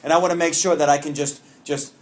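A man with a slightly high voice speaks at a quick pace in a steady tone. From Long Island, New York, he's leading a recovery meeting and sharing personally with the group, heartfelt and earnest while joking about himself.

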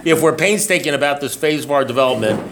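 A man's voice: mid-range voice, fast talker, vocal fry, background noise. Blunt, rambling middle-aged man. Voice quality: blunt, streetwise, self-mocking. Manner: rambling, repeats phrases, keeps asking "you know what I mean?". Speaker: speaker at a recovery meeting. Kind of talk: casual talk to a meeting.

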